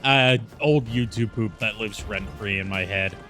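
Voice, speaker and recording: A man hosting a game stream, chatting casually and in an animated way, breaking into goofy voices. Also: on the low side, a little slow. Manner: animated, jumping into silly impressions. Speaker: streamer host. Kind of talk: casual gameplay chat. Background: faint game music.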